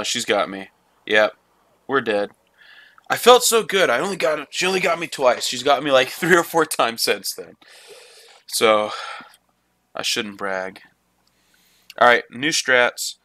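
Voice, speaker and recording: A man's voice: mid-range voice, sharp tone, no room sound. A man giving running let's play commentary on a game, swearing often and talking to himself and at the game. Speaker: gamer.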